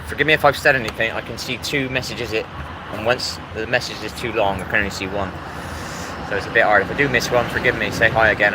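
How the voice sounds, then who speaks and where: A man's voice: mid-range voice, noisy background. An English man talking casually on a live stream, rambling and repeating himself as he greets viewers in the chat. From England.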